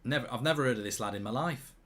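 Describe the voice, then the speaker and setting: Casual football streamer, male, chatty and joking, mid-pitched voice. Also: rapid-fire, a bit bright. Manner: chatty and jokey, reading out viewer comments. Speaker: football commentator reacting to a live match. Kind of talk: casual live-stream match commentary.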